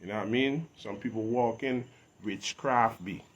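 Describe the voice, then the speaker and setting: A man's voice: on the low side, moderate pace, breathy edge. Emphatic Virgin Islands man. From U.S. Virgin Islands, Saint Thomas. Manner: preachy, emphatic, often rising loud and emphatic. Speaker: interview guest, musician. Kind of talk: casual reasoning talk.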